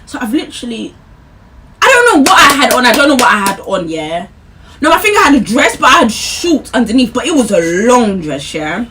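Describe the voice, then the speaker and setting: A 21-year-old woman telling a story time vlog in an animated, chatty way, laughing between lines. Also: a little high, a little fast, background noise. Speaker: vlogger.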